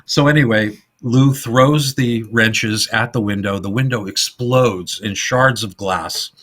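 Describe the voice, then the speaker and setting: A middle-aged man co-hosting a podcast, retelling old comedy film scenes in a casual, animated way. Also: medium pitch, slow pace. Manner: animated retelling, acts out quoted lines in funny voices. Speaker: podcast co-host.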